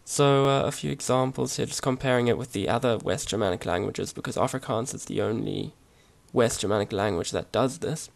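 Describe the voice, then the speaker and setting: In this relaxed, home-made language lesson, the teacher, a man, speaks haltingly in a gravelly mid-range voice. He hesitates often, filling gaps with fillers and starting sentences over.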